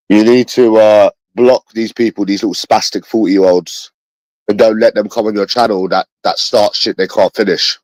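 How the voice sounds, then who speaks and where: A man's voice: on the low side, darkish tone, dry recording, low-quality recording. A man with a London accent, talking to his viewers in a rambling livestream monologue. He sounds bitter, repeats himself and swears often.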